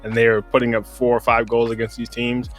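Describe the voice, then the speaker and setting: A man's voice: medium pitch, completely flat delivery, quick pace, faint music behind. A man with an American accent co-hosting a casual sports podcast. He rambles in a laid-back way and keeps saying "bro.". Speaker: podcast co-host.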